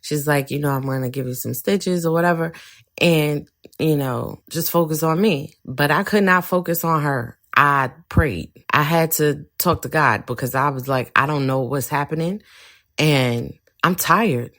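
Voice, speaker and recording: A woman's voice: low voice, moderate pace, a bit bright. A woman host candidly recounting a personal story, slipping into quoted voices and laughing now and then. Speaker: podcast host.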